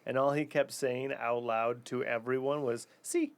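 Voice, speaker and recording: A man co-hosting a podcast, chatting casually, laughing often and telling animated stories. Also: mid-range voice, normal speed, smooth. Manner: laughing, animated storyteller, swears freely. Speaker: podcast co-host. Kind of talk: casual chat.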